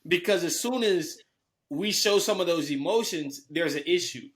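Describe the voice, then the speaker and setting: A young man co-hosting a casual podcast, speaking earnestly with emphatic stresses. His voice sits a little on the high side for a man. He leans on fillers like "you know what I'm saying" as he builds his argument. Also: lively intonation, normal speed. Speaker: podcast co-host.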